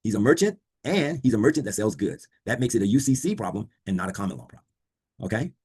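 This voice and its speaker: A man lectures a law class over a video call, talking quickly in a somewhat husky voice. He quizzes his students and repeats the key points again and again. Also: on the low side, expressive, darkish tone. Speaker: law instructor.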